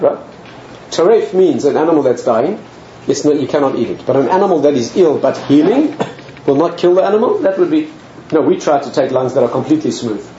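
A man's voice: fairly high pitch, slight background noise. A man, a rabbi, telling stories in a humorous lecture and acting out the characters. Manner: animated, acts out the characters, chuckles at his own jokes. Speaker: rabbi giving a talk. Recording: roomy, slightly muffled recording.

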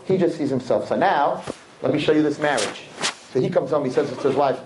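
A man giving a sermon to a live audience, preachy and animated, acting out little scenes as he talks. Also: on the high side, a little fast, a little hiss or hum, rough recording. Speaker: religious speaker.

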